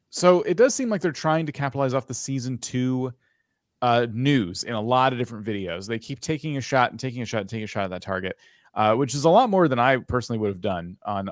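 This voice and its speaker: A man's voice: mid-range voice, no room sound, studio quality. A man hosting a live review of video channels, talking casually and frankly as he thinks aloud.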